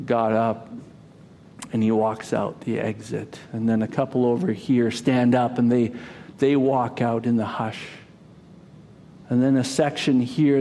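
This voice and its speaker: A man preaching a sermon, telling a story dramatically, rising to loud cries and dropping to a hush. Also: mid-range voice, a little hiss or hum. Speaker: pastor.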